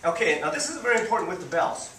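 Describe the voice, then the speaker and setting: A man teaching a group how to guide visually impaired students, repeating "boom" to mark each point as he demonstrates. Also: very animated, very fast, bright, forceful tone, slight background noise. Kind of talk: live demonstration talk. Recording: echoey room, speaker far from mic.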